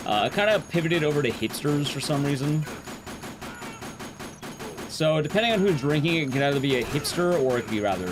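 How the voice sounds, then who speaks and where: A man's voice: a little high, animated, brisk, pauses often. A man streaming a speedrun, telling a rambling story in casual chat and swearing freely.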